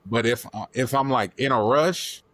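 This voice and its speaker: A man in casual podcast chat, laid-back and quick to laugh, who coaches. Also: mid-range voice, a bit bright. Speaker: podcast guest.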